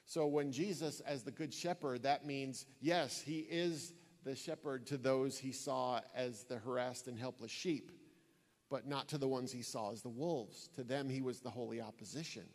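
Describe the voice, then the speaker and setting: A man gives an earnest, sermon-style talk to an audience in a church hall, telling stories and repeating key phrases for emphasis. His mid-range voice moves at normal speed, trailed by a long reverb.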